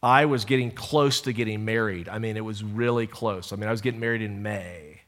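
A middle-aged man preaching a sermon, telling stories and moving from hushed asides to emphatic calls. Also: lowish voice, a little fast, in a large hall. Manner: storytelling, shifts from hushed to emphatic.

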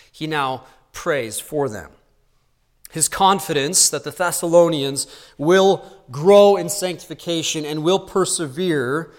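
A man preaching an expository sermon to a church congregation in an earnest, teacherly way, sometimes dropping to a soft, intense tone. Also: a little high. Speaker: pastor.

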